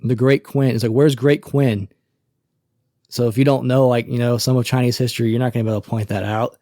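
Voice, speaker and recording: A man chatting casually as a podcast co-host, retelling scenes with lively swearing. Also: medium pitch, a little fast, no room sound, clean studio sound. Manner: animated storytelling, acts out quoted characters, swears casually. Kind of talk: casual chat.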